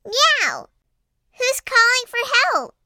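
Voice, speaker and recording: A woman's voice: very animated, measured pace, pushed and bright, dry recording, studio quality, heavily acted. A woman voicing a small playful female cat in a children's audio story, coy and a little fussy. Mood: friendly. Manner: high, coy, sulky.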